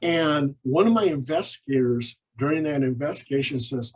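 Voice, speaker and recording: His slightly high, slightly rough voice moves a little fast with few pauses, and the audio quality is poor. He's a paranormal investigator and author being interviewed, telling animated tales of his cases and voicing the quoted lines.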